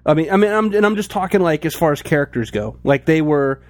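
A man with a fairly high voice talks loosely about old toys, circling back with lots of restarts and filler words. The sound is close and dry, with no room around him. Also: expressive, quick pace, no room sound. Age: adult, toy collector since childhood. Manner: rambling, many restarts and "like". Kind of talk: casual chat about toys.

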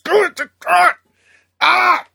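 A man hosting a casual podcast chat, rambling with stammered restarts and sudden excited outbursts. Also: a little high, brisk, no echo, clean studio sound. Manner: rambling, repeats words when starting, bursts into excited shouts. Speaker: podcast host.

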